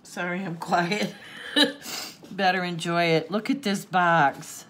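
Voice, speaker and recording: A woman's voice: fairly low pitch, fairly even intonation, slow pace, fairly bright tone, slight background noise. An older woman hosting a craft channel, gushing and tearful as she opens a gift, gasping and laughing often. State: tearful, sniffling. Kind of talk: casual unboxing chat.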